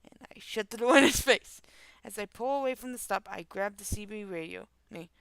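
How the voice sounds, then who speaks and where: Bright, clear-voiced young woman streamer. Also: medium pitch, expressive, normal speed, no echo. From northern United States. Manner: casual, swears and laughs in asides. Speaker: streamer reading online stories. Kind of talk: reading stories aloud with casual commentary.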